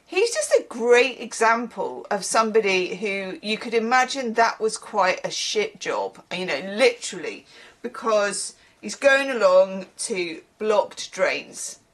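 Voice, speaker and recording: A woman's voice: medium pitch, unhurried. Lady doing a chatty tarot reading, wanders off on tangents a lot. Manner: rambling, chatty, animated asides. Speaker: tarot reader.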